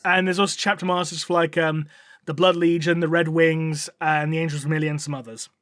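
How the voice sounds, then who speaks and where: Male podcast co-host, high pitch, loose storytelling, dry recording. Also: level tone, a little fast, a bit bright, no echo. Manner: laughing, swearing, many fillers. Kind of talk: casual retelling of a novel.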